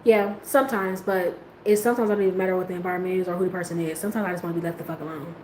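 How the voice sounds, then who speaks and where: A woman talking casually, rambling in slang, laughing often and jumping into high squeals when she quotes herself. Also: fairly even intonation, very fast. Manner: slang-heavy, rambling, trailing off quietly. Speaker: host. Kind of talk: casual chat. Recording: echoey room with faint ambient noise.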